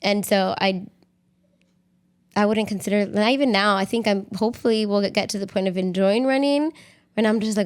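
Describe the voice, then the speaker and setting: A woman's voice: mid-range voice, moderate pace. A young woman co-hosting a podcast, chatting casually with her partner in a rambling way full of "like". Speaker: podcast co-host.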